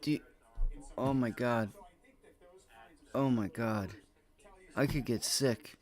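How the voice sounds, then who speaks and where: Excitable, profane day-trading streamer. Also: male voice, medium pitch, takes it slowly, long pauses. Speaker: livestream day trader. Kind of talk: live trading stream commentary.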